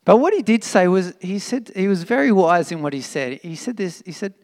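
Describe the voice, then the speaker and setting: A man preaching a sermon in an animated, emphatic, conversational way, with fillers and restarts. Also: sits high, brisk. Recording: long reverb of a hall.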